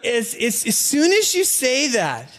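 High-voiced middle-aged male pastor preaching. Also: wildly swooping pitch, unhurried. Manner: conversational, stammers on repeated words, jokes with the congregation. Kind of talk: sermon.

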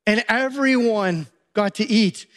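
A pastor preaching a sermon, retelling a Bible story with lively acted-out dialogue. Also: male voice, high voice, slow. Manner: animated storytelling, acting out disciples' voices.

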